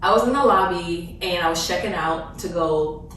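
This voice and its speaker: A woman from Africa, a guest on an interview show, telling her story in a lively, laughing way and acting out the dialogue. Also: lowish voice, moderate pace, heavy reverb, recorded from a distance, slight background noise, rough recording.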